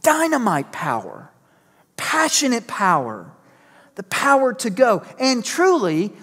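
Revved-up pastor preaching in a reverberant hall. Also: male voice, sits high, unhurried. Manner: energetic, emphatic repetition with self-deprecating asides. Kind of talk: sermon. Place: church sanctuary. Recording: long reverb of a church hall.

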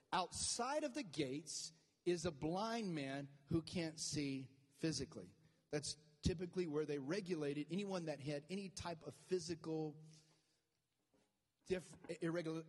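A man's voice: on the high side, in a large hall. A man preaching a sermon as pastor, conversational at first and then rising to fervent calls to the congregation.

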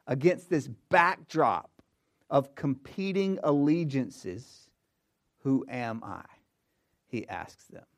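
A pastor delivering a sermon, a man whose voice sits at an ordinary middle pitch. He moves from prayerful repetition into chatty, off-the-cuff explanation, often doubling back on his words. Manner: emphatic, building repetition; conversational asides with repeated words.

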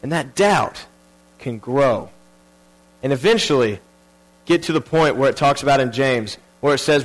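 A man's voice: mid-range voice, normal speed, rough recording. A man preaching a sermon earnestly, repeating key phrases and restarting his sentences.

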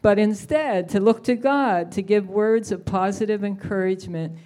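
A woman sharing a personal faith story in an earnest, measured way. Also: medium pitch, dark tone. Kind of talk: personal testimony.

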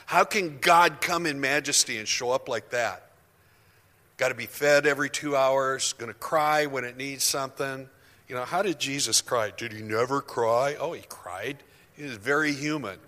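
A man preaching a sermon as pastor, impassioned and building to near-shouts. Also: medium pitch. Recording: long hall reverb.

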